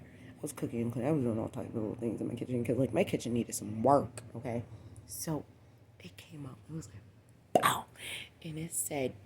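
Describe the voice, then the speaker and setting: A woman in her late twenties telling a rambling personal story to the camera, cursing often and swinging between a low murmur and loud exclamations. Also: slight background noise. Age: 20s. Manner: profane, repetitive, meandering storytelling. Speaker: vlogger.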